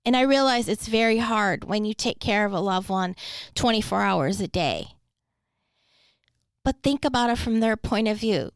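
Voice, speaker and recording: A woman's voice: medium pitch, expressive, normal speed, no echo. A middle-aged woman hosting a podcast, telling her own caregiving story in an earnest, heartfelt way. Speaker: podcast host, former caregiver. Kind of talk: personal reflective talk.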